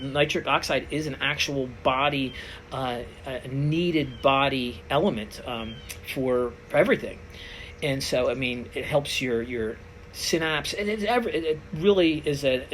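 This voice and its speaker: A man's voice: medium pitch, a little hiss or hum. A middle-aged man hosting a casual monologue, telling a gym story with lots of fillers and acted-out dialogue. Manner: animated, acts out quoted dialogue with many fillers. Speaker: host.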